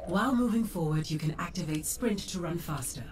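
A woman voicing a calm female AI training guide in a video game, speaking in a measured, instructive way. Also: fairly low pitch, slight background noise, close to an everyday voice. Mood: guiding. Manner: measured, instructive, even-toned. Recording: distant game audio with loud music.

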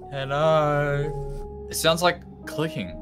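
A man's voice: fairly high pitch, flat delivery, slow pace. A man chatting casually while playing a game with friends, joking and yelping when startled. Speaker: gamer. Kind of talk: casual gaming chat. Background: game music.

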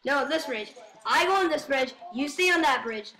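A girl playing a video game with a friend, chatting casually, getting excitable and repeating herself in bursts. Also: sits high, moderate pace, low-quality recording. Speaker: gamer. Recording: home mic with steady noise.

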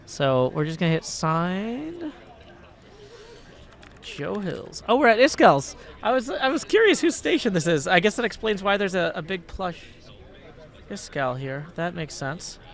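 Guy musing out loud during a game stream, kinda high voice. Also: sing-song, measured pace, vocal fry. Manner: rambling, thinking aloud. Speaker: player. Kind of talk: casual livestream chat.

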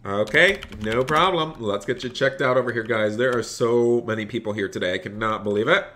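A man's voice: medium pitch, fairly quick, a bit bright, a little hiss or hum. A man plays a cheerful phone store clerk in a live-streamed game role-play, rattling off repetitive sales patter. He breaks off to thank and address his chat, and faint keyboard typing sits in the background. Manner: upbeat salesman patter, repeats phrases; reads and thanks chat between lines.

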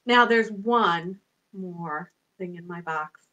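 A woman's voice: lowish voice, takes it slowly, pushed and bright, highs cut off. A woman hosting a children's storytime, singing songs and talking to small children in a sing-song, exaggerated manner. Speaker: children's librarian.

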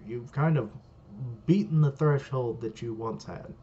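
A man's voice: medium pitch, a little slow, mellow, a little hiss or hum. A man reacting live to a manga chapter as he reads, with casual, wry commentary. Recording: muffled lo-fi recording.

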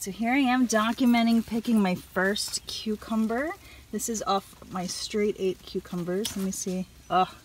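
A woman talking casually to the camera about her garden while out in it, chatty and excitable, with plenty of fillers. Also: mid-range voice, a little hiss or hum. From United States. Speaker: gardening vlogger. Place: outdoors in a home garden.

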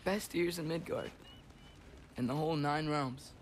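A man voicing an earnest, brave teenage boy hero in a video game, speaking softly and sincerely. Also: on the high side, unhurried, a little hiss or hum, lightly acted. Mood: tender. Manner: soft-spoken, sincere.

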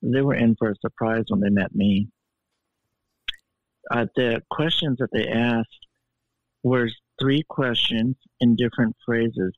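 A man's voice: mid-range voice, steady tone, slow pace, pauses often, dry recording. A man telling stories as a podcast guest in a flamboyant, theatrical way, heard over a thin phone-like connection. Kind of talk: animated storytelling. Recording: tinny phone-like line.

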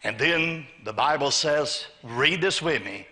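A man's voice: fairly high pitch, animated, takes it slowly, pushed and bright. A man preaching a sermon to a church congregation, calling for amens and acting out the voices of the people in his story. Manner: call-and-response preaching, asks congregation to say amen; acts out voices of a greedy man and of God. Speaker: pastor. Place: church sanctuary.

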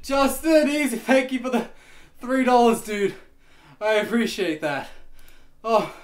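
A male livestreamer thanking donors on a live stream, stammering and swearing in disbelief, with sudden bursts of shouting. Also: extremely high pitch, lively intonation, unhurried.

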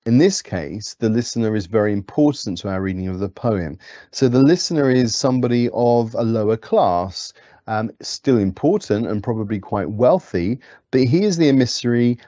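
Low-voiced male teacher explaining a poem. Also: dark tone, no echo, muffled recording. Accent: British English. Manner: explanatory with frequent ums and restarts. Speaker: English teacher. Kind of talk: lecture.

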